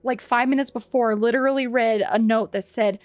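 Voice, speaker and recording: A woman's voice: on the high side, steady tone, brisk, no room sound. A woman live-streaming a game, chatting to viewers, swearing freely and laughing often.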